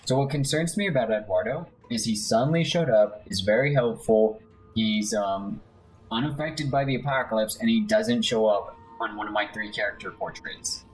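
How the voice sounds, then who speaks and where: Wry lower-voiced gamer man. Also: moderate pace, soft background music, rough recording. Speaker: let's play host. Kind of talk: casual gameplay commentary.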